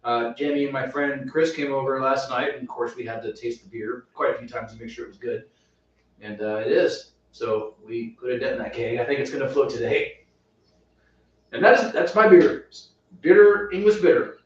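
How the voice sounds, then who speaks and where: A man walks through his brewing plans in a relaxed, rambling chat, restarting his phrases as he goes. He sits well back from the mic. The room is very echoey and the sound is dull. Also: medium pitch, normal speed. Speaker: homebrewing show host. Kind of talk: casual chat. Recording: roomy, distant, dull sound.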